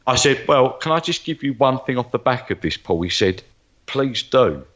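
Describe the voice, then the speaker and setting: A man's voice: mid-range voice, big pitch swings, normal speed, a bit bright, lo-fi sound. A man, a guest psychic medium, telling stories animatedly and acting out the voices of the people he quotes. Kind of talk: storytelling interview chat.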